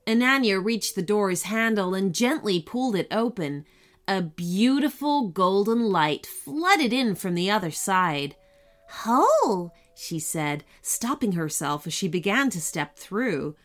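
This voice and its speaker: Slow, lively storytelling woman. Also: medium pitch. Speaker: podcast host and storyteller. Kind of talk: bedtime story narration.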